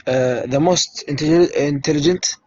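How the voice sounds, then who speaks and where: A man's voice: a little high, moderate pace, a little mellow. A man answering as a student in an online class, hesitant and brief. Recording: lo-fi call audio from off-mic.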